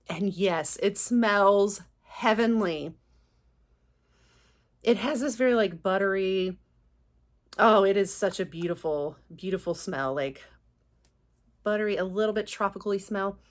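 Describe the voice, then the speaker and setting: A woman's voice: mid-range voice, fairly bright tone. A woman, chatting casually as a beauty vlogger while unboxing, gushing and exclaiming often.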